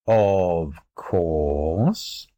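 A man's voice: sits low, drawn-out words, dark tone, pitched below the performer's own voice. A man voicing a sly, smug talking cat. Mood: coaxing. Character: sly, smug male cat in a boy's body.

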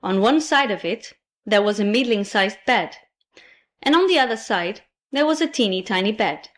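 A woman narrating a fairy tale with expressive, playful emphasis. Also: medium pitch, moderate pace. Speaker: storyteller. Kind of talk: storybook narration.

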